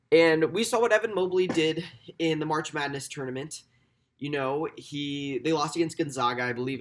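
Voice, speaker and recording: A man's voice: a little high, a bit bright. A man giving casual solo sports commentary as a basketball draft analyst, chatty, with frequent ums and self-corrections.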